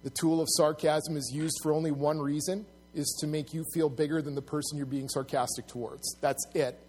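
A male pastor with a somewhat high voice delivers his sermon in an earnest, conversational way. He stops and restarts his phrases often as he works through his points. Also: flat delivery, a little fast, slightly rough. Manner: earnest, restarts often, rises loud and high when acting out mockers.

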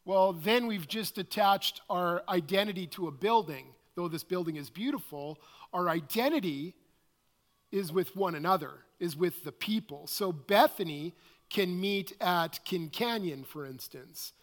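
Pastor, male, high-pitched, conversational sermon style, hall reverb. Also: animated, measured pace, fairly bright tone. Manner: conversational, self-questioning preaching with quoted asides. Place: church sanctuary.

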